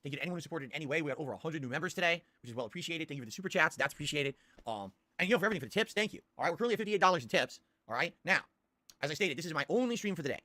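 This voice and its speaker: Male streamer, excitable and crude, bright forceful tone, rapid delivery. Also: fairly high pitch, no echo. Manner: crude, swearing, excitable, bursts into loud laughter. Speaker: live-stream host reacting to old ads. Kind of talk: casual live-stream commentary.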